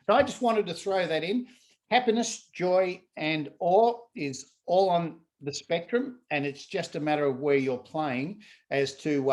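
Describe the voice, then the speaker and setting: A man with a fairly high voice talks as a guest in an easygoing conversation. He is animated and lively, and he acts out the voices of the people he describes. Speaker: laughter yoga trainer, guest. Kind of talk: casual conversation.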